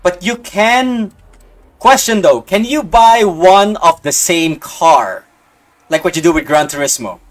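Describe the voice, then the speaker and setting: A young man giving casual live-stream commentary as he plays, excitable, swinging from low mumbling to sudden outbursts. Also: unhurried. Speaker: game streamer.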